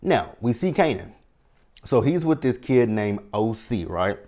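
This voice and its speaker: A man's voice: mid-range voice, measured pace. A man, casually recapping a TV episode and talking straight to his viewers. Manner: chatty and animated, talks to viewers directly. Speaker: TV show recap host.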